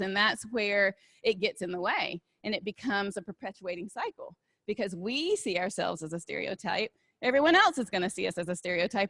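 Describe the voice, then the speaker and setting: Speaking at a live talk with audience Q&A, a diversity and inclusion speaker with a Southern American accent keeps things relaxed and conversational. Her voice sits mid-pitch, dry and close, without room sound. She regularly checks in with "right?" as she explains.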